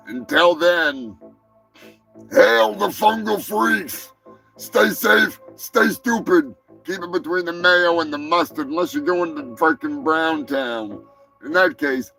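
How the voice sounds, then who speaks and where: A man hosting a live stream, rambling and swearing casually while high. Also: fairly bright tone, poor audio. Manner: rambling, profane, laid-back. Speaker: host.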